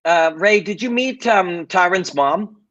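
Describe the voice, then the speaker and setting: A man hosting a casual watch-party chat, chatty and quick to laugh. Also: high voice, lo-fi sound, crowd noise.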